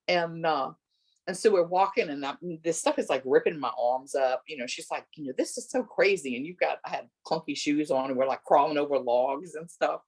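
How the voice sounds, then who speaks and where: A middle-aged woman recounts her story as an interview guest, lively and expressive. She acts out each person's lines and her voice leaps high when she quotes them. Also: a little fast, slightly rough. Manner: animated, acts out voices with big pitch jumps and laughter.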